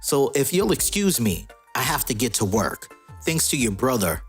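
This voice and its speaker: A man reading a calm, wise avatar of death. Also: mid-range voice, moderate pace, breathy edge, faint music behind. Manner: read aloud from a comic.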